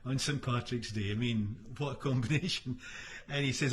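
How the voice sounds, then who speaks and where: A man's voice: mid-range voice, normal speed. A Scottish man with hay fever, chatting casually between songs on a livestream from home. He rambles, trails off with ums and chuckles often. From Scotland. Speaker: singer and musician hosting a livestream. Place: at home in Florida.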